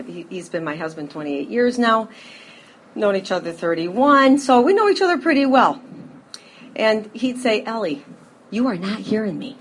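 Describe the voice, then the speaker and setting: A middle-aged woman giving a personal recovery testimony to a live audience, telling her story in a lively way, acting out scenes, with frequent fillers. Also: mid-range voice, slight background noise. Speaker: speaker sharing a recovery story.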